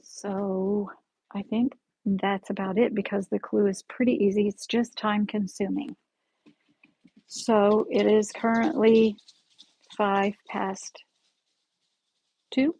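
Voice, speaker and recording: A woman hosting a casual live-stream quilting lesson from her sewing room, chatty and friendly, often pausing to correct herself. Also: mid-range voice, creaky, a little mellow, slightly rough, no room sound, rough recording. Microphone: camera in the room, with her stepping back from it.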